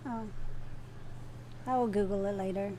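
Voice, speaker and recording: A woman in her fifties co-hosting a casual livestream, chiming in with quick, teasing remarks. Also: mid-range voice, steady tone, dark tone. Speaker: co-host.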